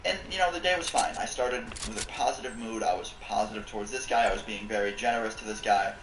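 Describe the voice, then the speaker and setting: A young man rambles through a casual storytime vlog and swears freely. He sits well back from the mic in a roomy, echoing space. Loud clicking noise runs under his voice the whole time. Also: fairly low pitch, quick pace, recorded from a distance. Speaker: vlogger telling a story. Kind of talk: casual storytime with game play.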